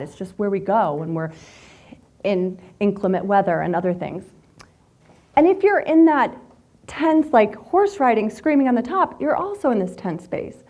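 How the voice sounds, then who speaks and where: Woman, slightly high voice, motivational workshop talk, candid, profane, animated storytelling. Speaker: workshop speaker. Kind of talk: motivational talk to a live group.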